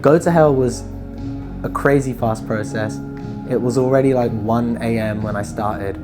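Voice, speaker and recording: Relaxed musician man, rambling chat. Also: medium pitch, normal speed, music in the background. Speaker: musician guest. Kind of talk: casual interview chat.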